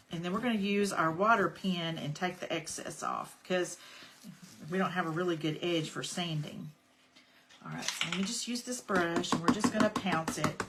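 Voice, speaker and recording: On a livestream, a woman hosts a casual craft tutorial, demonstrating a project and greeting viewers by name between steps. Her pitch is fairly low, with background noise present.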